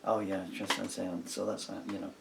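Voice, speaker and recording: Man, middle-aged, low gravelly voice, rambling musing monologue, distant mic with faint hiss. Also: flat delivery, brisk. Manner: musing, digressive, talks to himself. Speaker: songwriter. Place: home room at a table.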